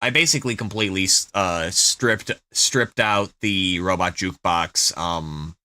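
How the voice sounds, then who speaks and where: A man's voice: low-pitched, a little slow, sharp tone, dry recording. A young man hosting a music livestream, talking casually with many restarts and fillers. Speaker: livestream radio host.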